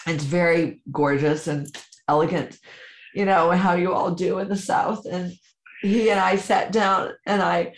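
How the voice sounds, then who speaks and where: A woman hosting a podcast, speaking softly and measured as she reflects and converses. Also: fairly low pitch, steady tone, reverberant. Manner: soft and measured, at times tearful in the retelling. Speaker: podcast host.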